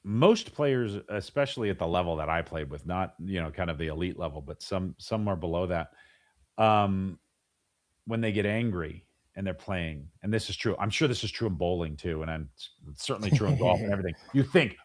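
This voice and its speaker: During a casual interview on a podcast, a middle-aged guest speaks animatedly, restarting often, repeating words, and voicing parents and kids. His voice sits low and is expressive, and his pace is a little fast.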